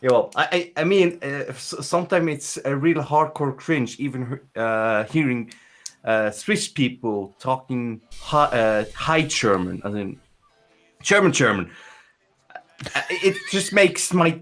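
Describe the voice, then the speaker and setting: A man's voice: medium pitch, lively intonation, measured pace, a bit bright. Rambling man in casual chat. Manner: rambling with many restarts and fillers. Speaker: podcast co-host.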